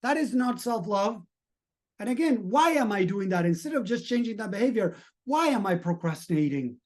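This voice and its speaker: Earnest high-voiced middle-aged man coaching. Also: big pitch swings, moderate pace. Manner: earnest and emphatic, with repeated rhetorical questions. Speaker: mindset coach. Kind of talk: live-streamed motivational talk to a chat audience.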